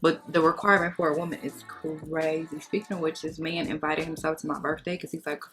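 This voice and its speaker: A woman's voice: low voice, level tone, brisk, hardly any pauses, a bit bright, breathy edge, faint music behind. A woman beauty vlogger chatting casually while getting ready, outspoken and sassy with emphatic remarks. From United States. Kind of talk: casual get-ready-with-me chat.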